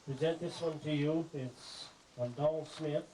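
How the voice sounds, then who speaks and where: A man's voice: on the high side, steady tone, unhurried, mellow, a little hiss or hum, low-quality recording. A middle-aged man giving a rambling, joking speech at a family gathering, often correcting himself as he goes. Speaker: son giving a presentation. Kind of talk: informal family speech with jokes.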